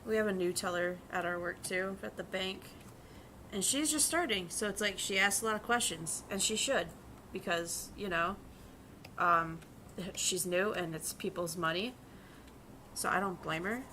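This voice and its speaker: Young woman streamer, bright forceful tone, casual profane storytelling at her desk mic, faint hiss behind. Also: medium pitch, moderate pace. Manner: chatty, profane, storytelling with quoted voices. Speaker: vtuber streamer and bank teller. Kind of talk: casual chat while drawing.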